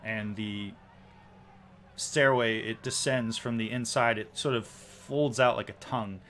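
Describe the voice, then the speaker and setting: A man narrating a tabletop game as game master, halting often with ums and restarts. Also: mid-range voice, fairly even intonation, fairly bright tone, a little hiss or hum.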